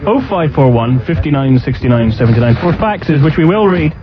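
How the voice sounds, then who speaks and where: A man co-hosting a talk radio show, reading out contact details and dropping dry, deadpan asides. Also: on the high side, fairly quick, crowd noise. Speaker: radio co-host. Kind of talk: casual on-air banter. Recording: muffled radio broadcast with music.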